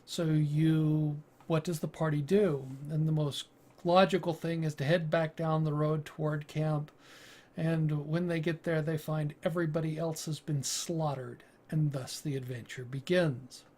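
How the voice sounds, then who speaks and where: A man who is a game master and YouTuber, telling stories from his campaigns in a deliberate, halting way. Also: on the high side, level tone, darkish tone. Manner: slow, deliberate, halting with fillers and restarts. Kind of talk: casual storytelling monologue.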